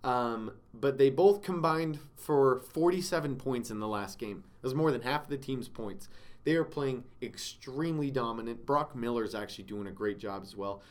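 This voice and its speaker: A young man hosting a casual sports commentary show, getting excitable and climbing sharply in pitch when he is indignant. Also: moderate pace.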